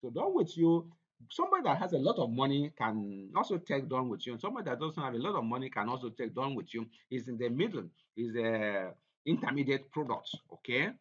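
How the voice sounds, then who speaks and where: A man's voice: medium pitch, very animated, brisk, breathy edge, lo-fi sound. A man presenting a slide lecture on a course topic, who repeats his points for emphasis. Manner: repetitive, emphatic, restates points.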